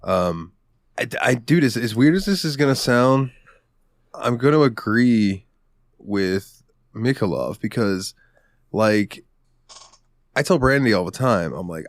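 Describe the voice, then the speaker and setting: A man's voice: medium pitch, lively intonation, takes it slowly, long pauses, no echo, studio quality. A young man hosting a casual podcast, talking candidly and with feeling, swearing now and then. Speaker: podcast host.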